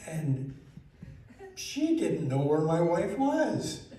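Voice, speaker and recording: A man's voice: a little high, very slow. Man telling a story in an echoey room. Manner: lively, asks the listeners questions. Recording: very echoey room, mic far off, faint noise.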